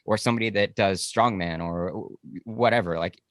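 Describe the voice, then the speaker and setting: A male podcast host with a fairly low voice talks in an easy, conversational way, dropping in a casual curse and steady murmurs of agreement. The recording is dry and close-miked. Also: normal speed, dry recording. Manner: relaxed, conversational, occasional swearing, frequent "mm-hmm" backchannel.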